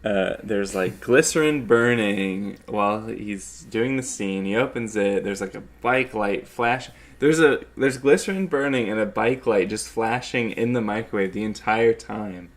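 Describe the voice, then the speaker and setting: A man's voice: fairly low pitch, a little slow, hardly any pauses. A man co-directing a film, talking through a casual director's commentary, rambling with many fillers and restarts.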